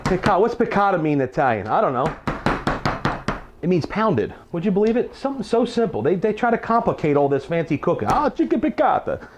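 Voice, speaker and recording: A man's voice: sits high, sing-song, brisk, noisy background. A middle-aged man demonstrating a recipe in a home kitchen, talking in a chatty, folksy way with teacherly asides and restarted phrases. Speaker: cooking show chef. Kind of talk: casual cooking demonstration.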